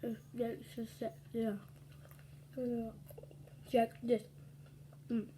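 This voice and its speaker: Woman rambling thru a story while eating, asmr style, kinda high mellow voice, little hum behind. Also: completely flat delivery, slow. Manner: chatty, rambling retelling with whispered asides. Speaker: ASMR vlogger.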